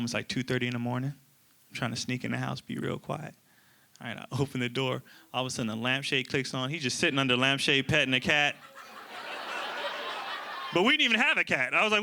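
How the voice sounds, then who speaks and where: Animated man doing stand-up. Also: mid-range voice. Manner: animated storytelling, acting out a whispering dad. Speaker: stand-up comedian. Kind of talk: stand-up routine. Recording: stage mic with loud room noise.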